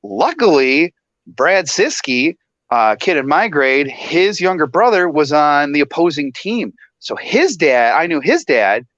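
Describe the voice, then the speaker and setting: Male guest, animated storyteller; wide-ranging pitch, muffled lo-fi sound. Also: a little slow, no echo. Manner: animated storyteller, laughs often. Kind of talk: casual chat, storytelling.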